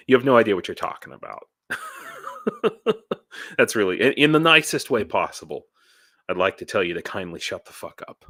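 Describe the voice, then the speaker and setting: A man talking casually on his vlog, halting and rambling with many restarts, tired and dehydrated, blunt and ranty. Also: on the low side, very animated, bright, forceful tone, no echo, studio quality. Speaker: YouTuber and volunteer in Ukraine.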